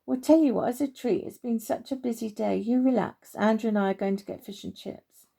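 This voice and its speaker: A generous, cheerful family man speaks in a hearty, upbeat way, as a woman reads his lines. His voice is gravelly and a little loud. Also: fairly high pitch, fairly quick.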